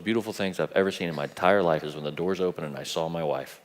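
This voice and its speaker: A man preaching a sermon at a youth conference, animated and playful, acting out voices as he goes. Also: deep voice, fast, few pauses. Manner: animated, acts out quoted voices, laughs often. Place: large conference hall. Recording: long hall reverb.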